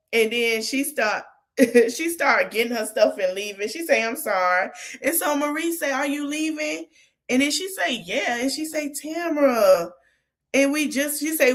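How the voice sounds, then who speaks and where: A woman hosting a podcast, retelling a reality TV episode in a chatty, animated way with sassy asides. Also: a little high. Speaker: podcast host. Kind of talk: casual reality TV recap.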